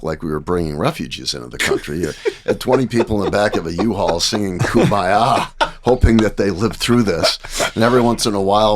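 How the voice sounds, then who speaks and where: A man in his sixties from the American Midwest, telling lively anecdotes as a podcast guest and often checking in with "right?". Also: low-pitched. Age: 60s. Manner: animated anecdotes, acting out dialogue, frequent "right?". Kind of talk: casual storytelling.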